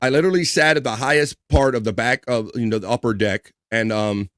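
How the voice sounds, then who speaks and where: A man hosting a casual livestream, reading out viewer comments with loose, joking shout-outs and easy laughs. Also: medium pitch, fairly quick, few pauses, no echo. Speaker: livestream host.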